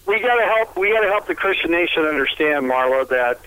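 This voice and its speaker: A man's voice: a little high, expressive, brisk, fairly bright tone, clean tone, rough recording. A man co-hosting a talk show, making his points in an earnest, reasoning way. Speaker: co-host. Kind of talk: casual radio talk.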